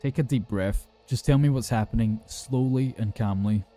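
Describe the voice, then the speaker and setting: A man voicing an emergency call operator who gives calm, steady instructions to a frightened caller. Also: medium pitch, moderate pace, soft background music, natural voice. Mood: firm.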